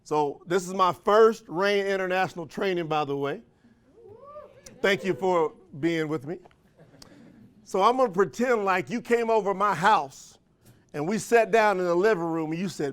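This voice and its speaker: A man with a high, bright-sitting voice delivers a motivational speech in an event room. He talks in folksy, countrified phrasing and leans on call-and-response, firing question after question at his listeners. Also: moderate pace, clear, resonant tone. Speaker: motivational speaker at a sales training.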